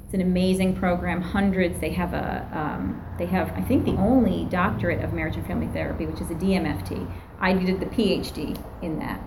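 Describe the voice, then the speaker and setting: A middle-aged woman recounts her early days as a therapist in a lively, animated way. She acts out the voices of the people she quotes and laughs often. A faint hiss sits under the recording. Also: on the low side, fairly quick. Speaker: therapist and professor. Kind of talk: animated storytelling in an interview.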